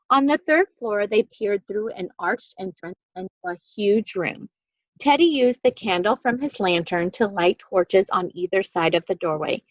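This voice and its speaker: Animated woman reading a children's book. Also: medium pitch, no room sound, lo-fi sound. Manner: expressive, animated storytelling. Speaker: reader. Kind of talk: children's book read-aloud.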